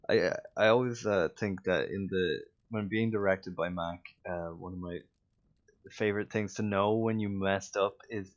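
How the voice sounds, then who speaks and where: A man's voice: deep voice, moderate pace, lo-fi sound. A man with a Dublin Irish accent, a voice actor chatting casually on a livestream, telling stories with lots of fillers and self-mocking asides. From Ireland. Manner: anecdotal, self-mocking, with frequent fillers and restarts. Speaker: voice actor streaming.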